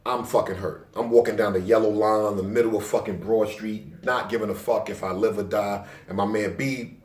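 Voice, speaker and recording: Low-voiced New man telling a story. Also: steady tone, a little fast. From Staten Island, New York. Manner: loose, profane street talk, acting out his own past lines louder. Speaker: vlogger. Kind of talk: casual personal storytelling. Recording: roomy, distant from the mic.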